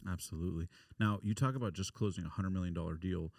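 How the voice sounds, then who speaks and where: A man hosting an interview, asking brisk, direct questions. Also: sits low, fairly even intonation, creaky, no echo, clean studio sound. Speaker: host.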